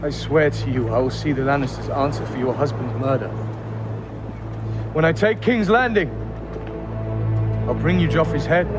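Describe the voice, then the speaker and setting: A refined young nobleman, played by a man, speaks in a posh Southern English accent, slightly raised in pitch. He sounds earnest and determined, a clip from a screen drama. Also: normal speed, long pauses, over music, lightly acted. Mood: vowing. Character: young nobleman plotting to take the crown.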